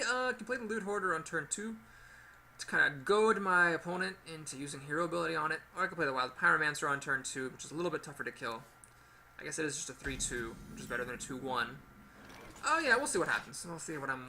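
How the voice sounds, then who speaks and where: A man with a very bright, forceful voice and a high pitch talks through his card game in a chatty, playful way. His tone carries a gravelly edge. Now and then he breaks into lively exclamations. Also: a little hiss or hum. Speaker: gaming video host. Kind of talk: casual gameplay commentary.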